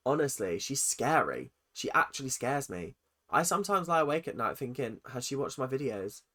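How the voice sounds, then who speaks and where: A young host in their twenties, ranting through a reaction video in a sarcastic, animated way and swearing freely. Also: mid-range voice, normal speed. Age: 20s.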